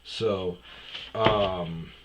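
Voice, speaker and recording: A male podcast host tells personal stories in a rambling, casual way, full of "uh"s and restarts, and raises his voice to mimic other people. His tone is steady and very slow, and the audio has background noise with the highs cut off.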